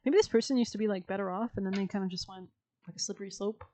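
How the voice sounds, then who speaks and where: Mellow-voiced woman reading tarot casually. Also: medium pitch, racing, slight background noise. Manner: chatty, slangy, laughs often, many fillers. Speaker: tarot reader.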